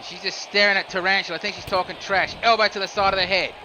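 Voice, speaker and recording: A man's voice: high voice, flat delivery, quick pace, pushed and bright, a little hiss or hum, poor audio. A man doing solo play-by-play commentary of a video game wrestling match, calling each move steadily and rising sharply on near falls and reversals.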